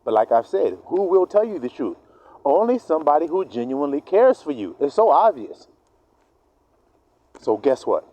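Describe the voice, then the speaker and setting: Man, slightly high voice with wild swings in pitch, preaching a profane street sermon that acts out both sides of each argument. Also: big pitch swings, moderate pace, pauses often, warm tone, muffled recording. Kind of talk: street-style sermon monologue.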